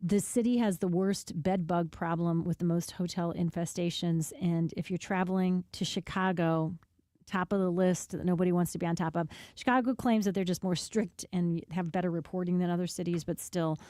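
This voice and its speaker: A woman's voice: lowish voice, fairly even intonation, mellow, dry recording, studio quality. A woman co-hosting a radio talk show, chatting casually and restarting her sentences often. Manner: chatty, talks in quick restarts. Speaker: radio co-host. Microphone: studio microphone.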